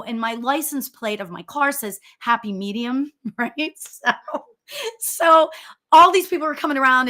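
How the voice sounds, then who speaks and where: Loud fast-talking woman telling a story. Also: high voice. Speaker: medium and show host. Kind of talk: casual chat.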